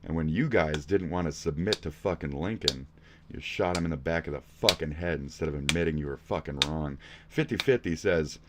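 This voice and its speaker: A man's voice: a bass voice, brisk, background noise. A man, a streamer reacting to a video, ranting crudely and angrily with constant swearing. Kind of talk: profane rant.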